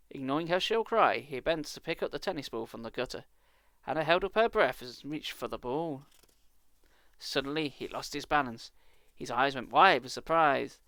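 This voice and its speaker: A man's voice: fairly high pitch, expressive, a little fast, a bit bright, dry recording. A British man reading a children's book aloud live, with dry, sarcastic asides. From Britain.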